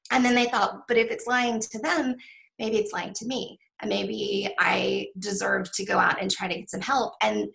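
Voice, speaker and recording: Gravelly-voiced woman author, halting and candid. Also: on the high side, fairly bright tone, poor audio. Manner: halting, with many restarts and ums. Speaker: author guest. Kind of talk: candid interview conversation.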